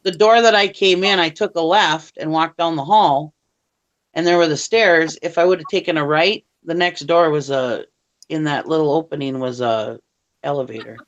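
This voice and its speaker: A woman's voice: low-pitched, normal speed, lo-fi sound. A woman telling rambling everyday stories in casual chat, laughing often and swearing mildly.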